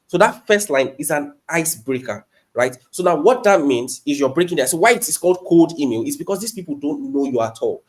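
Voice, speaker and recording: A man's voice: fairly high pitch, lively intonation, a little fast. A man from Nigeria with a Nigerian accent, a guest speaker teaching in a casual, chatty live-stream talk, full of rhetorical questions.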